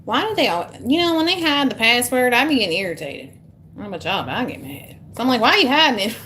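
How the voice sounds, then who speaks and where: A woman's voice: on the high side, big pitch swings, fast talker, fairly bright tone. Woman tarot host, self-mocking casual banter, faint room hum. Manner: chatty, self-deprecating, talks to herself while fixing tech. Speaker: tarot reader hosting a live stream. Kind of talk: casual live-stream chat.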